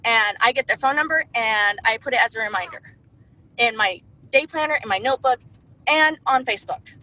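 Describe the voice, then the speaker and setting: Brief: woman, sales distributor, casual tips talk, bright and fairly high voice, chatty with lots of fillers. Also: normal speed, rough recording. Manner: chatty, heavy use of "like" and "um".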